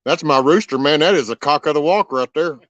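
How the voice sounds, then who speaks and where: A man's voice: a little high, a little fast, a bit bright, no echo. A man hosting a vlog, chatting casually and joking with plenty of swearing while he works. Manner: loose and joking, with frequent swearing. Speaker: vlog host. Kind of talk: casual chat while working outdoors. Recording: dull lo-fi sound with music.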